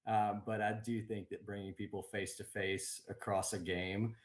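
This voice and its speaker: A man, a board game company guest, talking in an upbeat, relaxed way over a video call, with many ums. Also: fairly low pitch, moderate pace. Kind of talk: casual interview chat. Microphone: remote video call.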